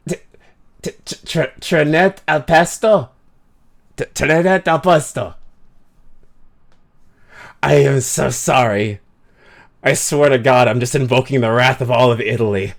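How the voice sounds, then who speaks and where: A man's voice: medium pitch, a little slow, gravelly, long pauses. A man streaming a game, chatting casually with viewers in a joking, self-mocking way, stumbling over foreign words and putting on mock-dramatic outbursts. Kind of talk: casual livestream chat reacting to viewers.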